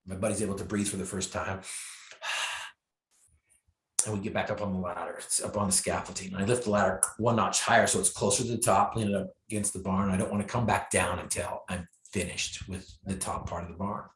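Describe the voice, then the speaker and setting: Lower-voiced man telling a story in an echoey room. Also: a little fast. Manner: animated storyteller, acts out his own and others' lines with bursts of pitch and volume; self-deprecating humor, laughs at himself. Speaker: guest speaker. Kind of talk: personal storytelling in an interview.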